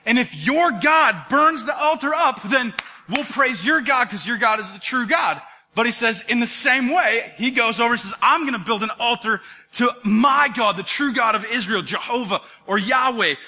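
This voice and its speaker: A male pastor delivers a lively sermon, retelling the story with acted-out voices. His voice sits high and rings bright and forceful. He swings from near-shouts down to low, hushed asides.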